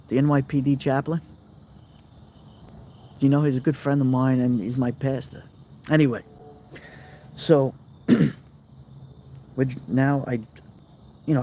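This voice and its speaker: A middle-aged man spins rambling anecdotes for his live-stream viewers and slips into the voices of the people in his stories. His voice is dark and mellow. Faint crickets chirp behind him outdoors at night. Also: mid-range voice, a little hiss or hum. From New York. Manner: rambling anecdotes, acts out quoted voices, answers viewer comments. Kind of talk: casual storytelling chat.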